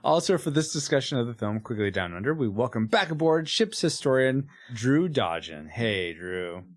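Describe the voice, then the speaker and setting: A man's voice: medium pitch, moderate pace. Playful man hosting a podcast. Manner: laughs often, lively and playful. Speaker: podcast host. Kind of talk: casual chat.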